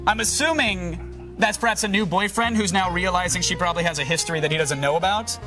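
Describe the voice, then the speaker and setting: A man co-hosting a live TV show, bantering loudly and playfully with jokes. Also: high voice, fast talker, music in the background. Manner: joking, loud and playful. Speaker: TV show co-host. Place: TV studio.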